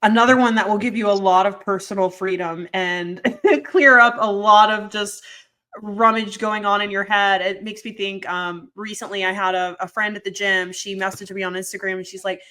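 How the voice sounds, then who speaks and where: Bright-voiced young woman podcast co-host. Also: mid-range voice, steady tone, moderate pace. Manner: chatty, fillers like "like" and "um". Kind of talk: casual chat.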